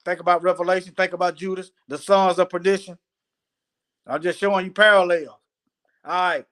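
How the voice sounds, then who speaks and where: A man leading a live scripture study, reading verses aloud slowly and breaking off for casual, plain-spoken commentary. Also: high-pitched, fairly bright tone. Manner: slow, deliberate reading broken by casual asides. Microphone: phone.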